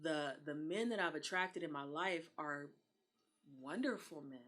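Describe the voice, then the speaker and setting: A woman's voice: low voice, measured pace, a bit bright. A woman, talking earnestly in a casual podcast conversation and acting out the voices she quotes. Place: Texas.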